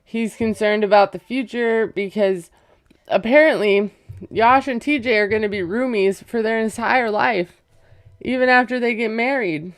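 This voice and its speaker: A woman's voice: a little high, a little slow, no echo, studio quality. A woman casually recapping a reality show, chatty and gossipy, acting out quotes and laughing as she goes. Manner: gossipy, retells scenes with quoted voices and laughs.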